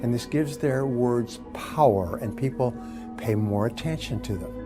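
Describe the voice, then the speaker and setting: A man's voice: medium pitch, unhurried. A man explaining and coaching in a motivational seminar lecture. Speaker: motivational speaker. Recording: speech under a music bed.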